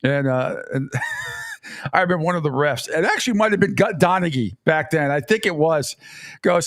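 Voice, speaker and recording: A middle-aged man hosting sports talk radio, telling stories in a rambling, animated way and laughing often. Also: on the high side, moderate pace, no echo, clean studio sound.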